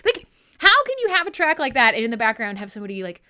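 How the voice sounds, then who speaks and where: A woman hosting a live metal radio show, chatting casually with listeners in an animated, profane way, often laughing at herself. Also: on the high side, quick pace, clean tone.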